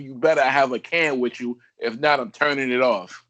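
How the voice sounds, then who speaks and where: A man's voice: medium pitch, moderate pace, pushed and bright. Slangy hype-talking male podcast host. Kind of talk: casual podcast banter.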